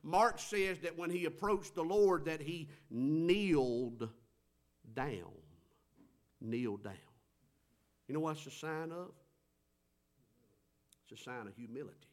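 A man preaching a sermon, swinging between loud stressed phrases and quiet drawn-out words. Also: on the high side, lively intonation.

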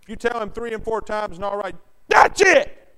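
A man preaching a sermon, emphatic and preachy, swinging from loud declarations to hushed asides and drawing out scripture slowly. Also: high voice, steady tone, clean tone, rough recording. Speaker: pastor.

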